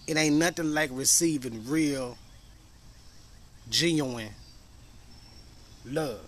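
A man's voice: fairly high pitch, takes it slowly, a bit bright. A man hosting a podcast in a casual monologue, emphatic, profane and preachy, rambling as he goes. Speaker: podcast host.

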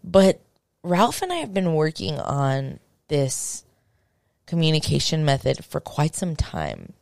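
A young woman hosting a podcast, telling a story in casual chat, animated and swearing, acting out what people said. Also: low-pitched, takes it slowly, creaky, no room sound, clean studio sound. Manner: animated, swearing, acts out quotes. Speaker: podcast host.

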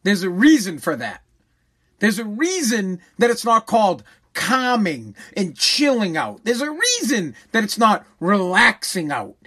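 A man hosting a podcast, ranting angrily, yelling and swearing, hammering on his points with repeated phrases. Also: sits high, wildly swooping pitch, measured pace, husky. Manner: yelling, profane, aggressive; repetitive, emphatic phrasing. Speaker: podcast host. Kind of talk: angry podcast rant.

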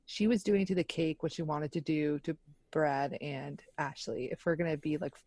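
A woman's voice: sits low, fairly even intonation, moderate pace, darkish tone, dry recording. A woman chatting casually on a podcast, recapping a movie with a wry, analytical manner. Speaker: podcast co-host.

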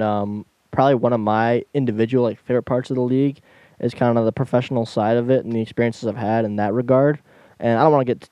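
A young man co-hosting a casual podcast, talking fast and eagerly with small stumbles and restarts. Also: medium pitch, warm tone, dry recording. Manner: fast-talking, enthusiastic, stumbles when slowing down. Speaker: podcast co-host.

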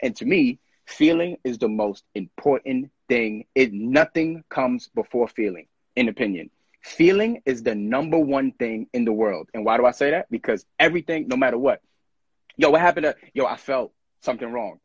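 A man's voice: mid-range voice, expressive, moderate pace, husky, no echo, dull audio. A man talking casually and earnestly in a podcast conversation, reflecting on friendship and feelings and acting out what others say. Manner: earnest, reflective, acts out quoted voices.

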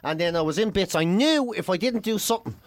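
A woman's voice: medium pitch, expressive, fast talker, no echo. Irish woman, podcast co-host, comic ranting with casual swearing, dry close sound.

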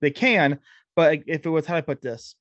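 A man's voice: fairly high pitch, a little fast, no room sound. A man hosting a conversation, asking a thoughtful question and searching for his words. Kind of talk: interview questions. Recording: dry, dull lo-fi mic.

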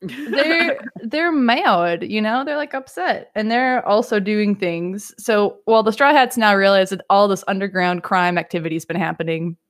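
A young woman co-hosting a podcast, chatting casually and giggling while rambling through a recap. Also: medium pitch. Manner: giggly, rambling, quick bursts of laughter. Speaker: podcast co-host. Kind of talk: casual chat recapping an anime.

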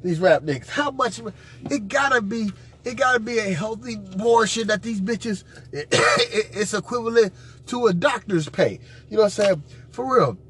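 A man hosting a podcast, reacting to played audio with loud, profane, mocking commentary that swings from squeals to low growls. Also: moderate pace, a little hiss or hum.

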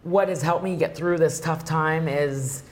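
A woman's voice: deep voice, measured pace, a little hiss or hum. A woman wrestler as an interview guest, telling personal stories in a chatty, emotional way with lots of fillers. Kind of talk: casual interview storytelling.

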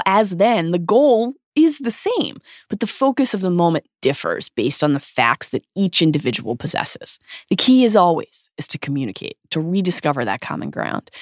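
Brief: woman co-host, lowish voice, emphatic dramatic recap reading, dry studio sound. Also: no echo. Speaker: podcast co-host. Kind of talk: recapping a book chapter aloud.

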